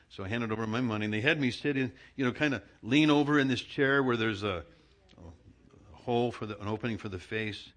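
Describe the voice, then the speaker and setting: A middle-aged male pastor from Southern California, preaching a sermon in an animated storytelling manner, laughing as he tells it. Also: on the low side, fairly quick. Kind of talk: sermon with personal anecdote.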